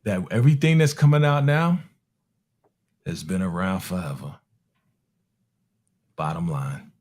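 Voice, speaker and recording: A man from Harlem, a music producer telling a story in a casual, animated way and acting out the people in it. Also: sits low, unhurried. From Harlem, New York. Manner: animated, acts out other people's voices with slang.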